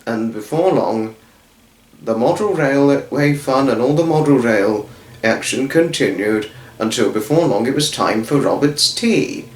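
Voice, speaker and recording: A man's voice: mid-range voice, lively intonation, measured pace, darkish tone. A man reading a children's story aloud, rambling and often correcting himself. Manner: rambling, with frequent self-corrections. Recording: roomy echo.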